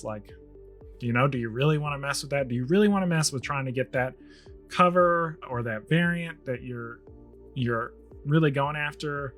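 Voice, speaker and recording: A man's voice: mid-range voice, a bit bright. A man co-hosting a podcast, rambling through a casual rant and sounding tired as he loses his voice. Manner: ranting, rambling, with restarts. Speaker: podcast co-host.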